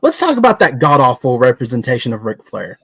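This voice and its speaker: A man with a Kentucky Southern accent hosting a casual round-table chat, talking in an animated, folksy, ranting way. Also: mid-range voice, fast, husky, dry recording. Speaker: podcast host.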